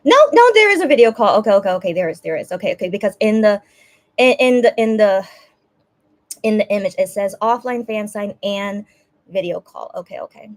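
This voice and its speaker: A young woman talks to her stream viewers in a casual, rambling way. She keeps stumbling over her words and restarting, and her voice is teary. Her pitch sits in the middle range. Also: fairly quick, darkish tone, no echo. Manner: hesitant, restarts often, emotional. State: teary, on the verge of crying. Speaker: livestream host. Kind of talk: casual livestream chat.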